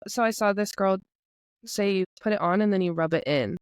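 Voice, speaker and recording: A woman's voice: mid-range voice, a little fast, smooth, dry recording, clean studio sound. A young woman in her twenties, a makeup creator, telling rambling stories in casual chat with lots of "like". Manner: animated storyteller, rambling with lots of "like".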